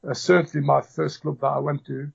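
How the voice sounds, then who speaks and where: Gravelly hesitant man from Tunisia. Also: on the high side, little pitch movement, fairly quick. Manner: hesitant, many fillers and restarts. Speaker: football manager. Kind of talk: relaxed interview chat. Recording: dull lo-fi audio.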